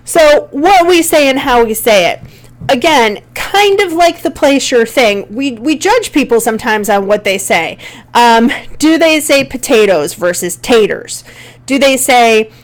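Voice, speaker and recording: A woman's voice: on the high side, animated, a little slow. A woman from Buffalo with a Western New York accent, giving a conversational recorded college lecture on a play, with frequent fillers. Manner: conversational, many fillers, reads examples aloud. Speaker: college English teacher.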